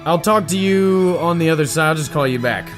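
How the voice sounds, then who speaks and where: A man's voice: fairly high pitch, a little fast, faint music behind. Playful man hosting a comedy podcast. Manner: playful, mock-stern teasing. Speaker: podcast host.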